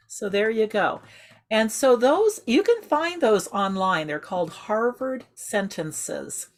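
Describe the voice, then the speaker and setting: A woman's voice: mid-range voice, very animated, background noise. A woman leading a group voice exercise over a video call, giving patient step-by-step instructions. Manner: patient, instructive, speaks in measured rhythm. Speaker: group voice and singing leader. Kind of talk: slow guided voice exercise class.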